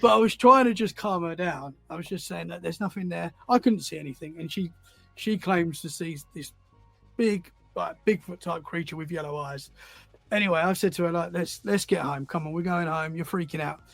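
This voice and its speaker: Soft background music plays under a man's slightly high voice, with vocal fry, at normal speed, as a podcast guest and paranormal enthusiast tells stories in a casual, rambling manner, repeating words while he finds his thread. There's no room sound.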